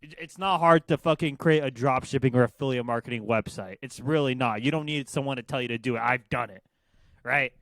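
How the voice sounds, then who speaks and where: A man's voice: medium pitch, a little fast, fairly bright tone, dry recording. A young man co-hosting a podcast, ranting with heavy profanity at online commenters. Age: young adult. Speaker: podcast co-host. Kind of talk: casual podcast rant.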